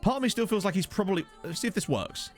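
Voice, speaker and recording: Through a desk USB condenser microphone, a high-voiced, animated man talks fast while streaming a football management game. He's chatty and jokey, replying to his viewers' messages as faint music plays behind him.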